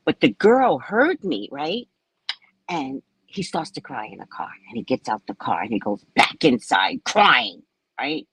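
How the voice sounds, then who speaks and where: Husky, lively woman telling a story. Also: low voice, measured pace, no room sound, poor audio. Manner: blunt, profane, laughs often. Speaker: psychic reader and live-stream host. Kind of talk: casual storytelling chat.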